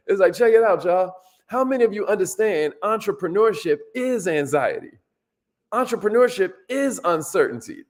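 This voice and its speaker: A high-pitched motivational speaker gives a workshop talk with energetic, casual delivery. He repeats his lines and calls out to the audience for responses.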